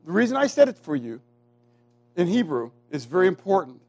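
A man preaching a sermon who keeps asking the congregation questions and waiting for their answers. He slows down to stress key words and moves between loud, emphatic lines and quiet asides. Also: high voice, very animated.

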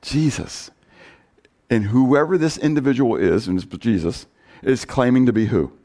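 A man's voice: mid-range voice, normal speed, mellow. A man preaching a sermon, reading scripture aloud and often asking the congregation questions. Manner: reads scripture aloud with rising emphasis. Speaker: pastor.

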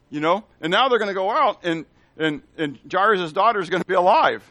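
Male Bible teacher, slightly high voice, animated, quizzes the listeners, dry sound. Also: fairly quick, few pauses, dry recording. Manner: animated, asks the listeners questions, acts out quoted lines.

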